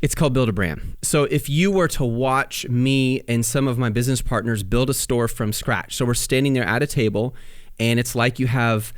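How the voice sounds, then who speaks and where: A man co-hosting a casual podcast, talking in an energetic, enthusiastic, salesy way. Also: medium pitch, moderate pace, no room sound, clean studio sound. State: out of breath. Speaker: podcast co-host.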